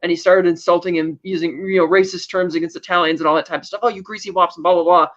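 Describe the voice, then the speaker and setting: A man with a fairly high voice talks through a show's plot in an easygoing, rambling way. He paraphrases the characters' lines and brushes past details with "blah, blah, blah." The audio is dull and slightly lo-fi. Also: little pitch movement, racing, a bit bright. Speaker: podcast co-host. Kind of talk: casual chat recapping a TV episode.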